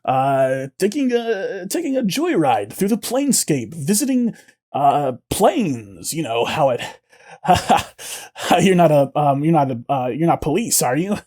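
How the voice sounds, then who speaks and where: A man's voice: fairly high pitch, big pitch swings, measured pace, a little mellow. A man voicing a green alien woman joyrider, nervous, stammering and overly polite. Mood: flustered.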